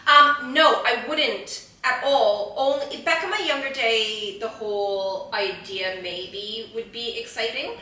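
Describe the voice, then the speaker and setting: A young woman co-hosting a podcast, chatting loosely and giggling with plenty of filler words. Her voice sits fairly high and sounds bright and sharp. The recording is poor, with the mic set back in a strongly echoing room. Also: slow pace, few pauses, far from the mic. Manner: giggly, uses lots of "like" fillers. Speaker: podcast co-host. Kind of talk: casual chat.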